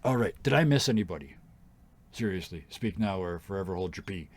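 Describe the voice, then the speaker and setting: A man narrating as game master, relaxed and rambling, with fillers and laughter. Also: deep voice, brisk.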